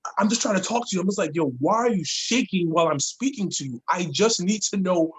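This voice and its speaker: A young man on a podcast, a guest with a somewhat high voice. He talks bluntly and with passion, and curses casually. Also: fast, breathy edge. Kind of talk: casual chat.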